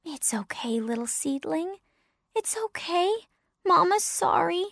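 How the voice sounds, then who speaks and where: Mama Pine is a fussy, genteel mother tree with prim, old-fashioned phrasing, as a woman puts her on. The voice lilts with lively ups and downs at an unhurried pace. It is a close, dry storybook reading. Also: fairly high pitch, dry recording, heavily acted. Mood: soothing.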